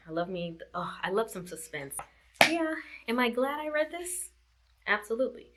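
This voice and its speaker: A woman chatting casually about a book she just read, circling back to the same points and laughing as she goes. Her voice sits on the low side for a woman, yet it sounds bright and forceful. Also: slight background noise. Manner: chatty, repeats herself, laughs often. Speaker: book vlogger. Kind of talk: casual book review chat.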